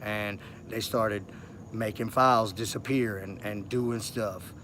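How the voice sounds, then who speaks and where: A man's voice: fairly low pitch, steady tone, takes it slowly, fairly bright tone, a little hiss or hum. A man talking in a rambling, repetitive monologue that grows urgent and insistent. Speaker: vlogger. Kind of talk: casual monologue to camera.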